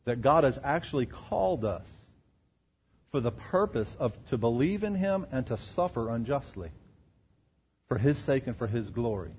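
A man preaching a sermon, firing rhetorical questions at the congregation and swinging between loud emphatic bursts and quiet, low asides. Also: very animated, normal speed, a little hiss or hum. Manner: asks the crowd rhetorical questions. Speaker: pastor.

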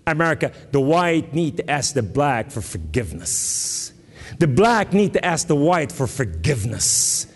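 A man from Lebanon preaching an emphatic testimony sermon with sudden rises and dramatic pauses. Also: fairly high pitch, very animated, breathy edge, in a large hall. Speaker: guest preacher.

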